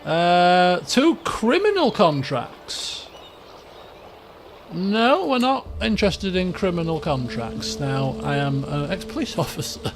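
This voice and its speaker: A man's voice: high voice, very animated, takes it slowly, gravelly, noisy background. A man hosting a game roleplay, reading story passages and chatting offhand in a rambling way, often restarting his sentences. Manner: switches between reading story text and offhand chat. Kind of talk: casual let's-play roleplay narration.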